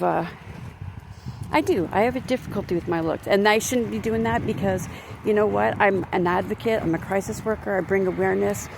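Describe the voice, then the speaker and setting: Gravelly woman vlogger, indignant rambling rant, phone held while walking outdoors, street noise behind. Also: medium pitch. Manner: indignant, rambling, talks with many restarts. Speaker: vlogger and crisis worker. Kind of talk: ranting to camera while walking.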